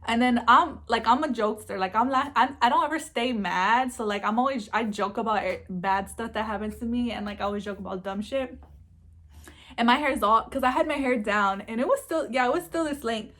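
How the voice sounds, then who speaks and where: A woman's voice: fairly high pitch, fairly quick, fairly bright tone. A young woman chatting casually in a storytime vlog, laughing easily and filling her talk with "like" and "um". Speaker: vlogger.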